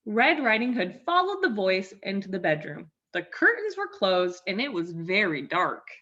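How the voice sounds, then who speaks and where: A woman reading a children's story aloud to learners, expressive and clear. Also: medium pitch, moderate pace. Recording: dull lo-fi sound.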